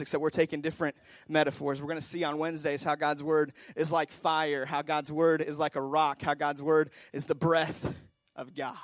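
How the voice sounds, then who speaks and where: A man preaching a sermon to a youth group, casual and energetic, building to loud excited peaks. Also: on the high side, dry recording. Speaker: youth pastor.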